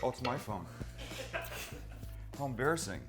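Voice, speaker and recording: A man's voice: medium pitch, big pitch swings, moderate pace, loud music behind the voice. A middle-aged man hosting a cooking show from his home kitchen, chatty and teasing, answering his own questions. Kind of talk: casual cooking demonstration. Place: home kitchen with low ceilings. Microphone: handheld mic held close at times.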